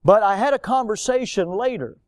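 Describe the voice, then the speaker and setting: A man's voice: sits high, fairly quick, no echo, studio quality. An older man preaching a sermon in a folksy, emphatic way, mixing stories with pointed rhetorical questions. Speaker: pastor.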